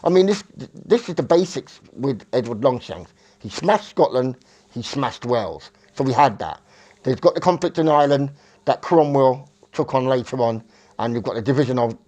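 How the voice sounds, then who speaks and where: A man's voice: mid-range voice, darkish tone. A man from England, talking in a rambling, self-correcting monologue that searches for words. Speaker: vlogger.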